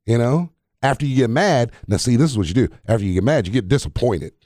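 Man, podcast host, preachy casual talk, dry close sound, mellow tone. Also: mid-range voice, expressive, fast, dry recording. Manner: preachy, repeats phrases for emphasis; chuckles at his own jokes.

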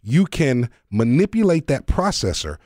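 A man hosting a faith-centered talk show, walking through ideas with everyday comparisons. His pitch rises and falls a lot as he explains, and he presses his guest to repeat key points. The sound is dry and close. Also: big pitch swings, measured pace, dark tone, no echo. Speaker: podcast host.

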